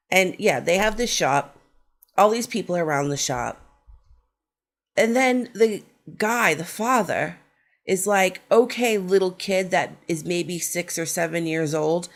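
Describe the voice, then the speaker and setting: Brief: middle-aged woman, lowish voice, sarcastic and foul-mouthed, casual horror-fan rant. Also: gravelly. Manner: sarcastic, profane, storytelling. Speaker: horror vlogger.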